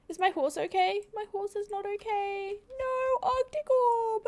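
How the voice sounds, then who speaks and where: An excitable young woman narrating her own gameplay, gasping and exclaiming at what she sees on screen. Her voice is high and her pace leisurely between outbursts. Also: a little slow, few pauses. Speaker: gaming channel host. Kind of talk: let's play commentary.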